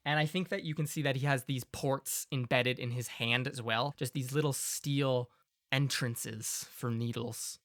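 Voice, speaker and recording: A man narrating a tabletop game as game master in a measured, descriptive way. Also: mid-range voice, steady tone, a bit bright, dry recording, studio quality.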